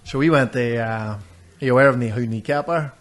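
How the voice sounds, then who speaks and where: A man, co-hosting a podcast and telling rambling, animated stories in casual chat. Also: mid-range voice, brisk. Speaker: podcast co-host. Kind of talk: casual storytelling.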